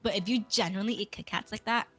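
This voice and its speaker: A woman guest on a live podcast who is sick, with a raspy voice and a stuffy nose, chatting in a playful, joking way. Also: medium pitch, quick pace, sharp tone. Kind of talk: casual live-stream chat.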